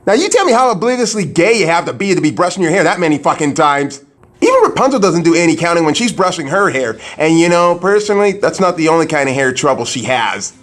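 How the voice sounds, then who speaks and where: A man's voice: on the high side, expressive, fast, a bit bright. A man giving a crude, sarcastic review of a cartoon episode, swearing freely. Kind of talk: profane comedic review commentary.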